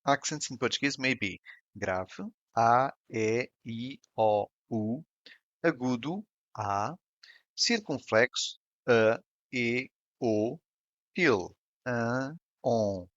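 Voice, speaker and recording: A man narrating a scripted pronunciation lesson, slowing down to model each example sound with care. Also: mid-range voice, fairly bright tone, no echo. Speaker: language tutor. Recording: dull, lo-fi and dry voice-over.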